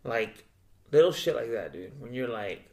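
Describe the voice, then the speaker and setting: A young man co-hosting a podcast, telling a loose, profane story and acting out the people in it with big jumps in pitch. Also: expressive, normal speed, darkish tone. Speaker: podcast co-host. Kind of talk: casual storytelling chat.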